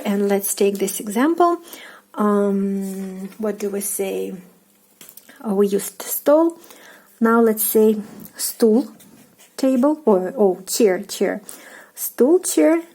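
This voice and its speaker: Young Russian-accented woman, casual online teacher, mellow and hesitant. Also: mid-range voice. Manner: halting, many fillers and restarts. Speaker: language teacher. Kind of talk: casual online language lesson.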